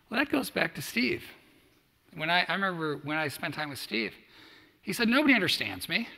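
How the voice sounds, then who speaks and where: Middle-aged male keynote speaker, lively storyteller, bright gravelly voice, hall reverb. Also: fairly high pitch. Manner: storytelling, acts out quoted dialogue. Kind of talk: motivational speech to student athletes. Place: large hall at a summit. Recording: echoey hall.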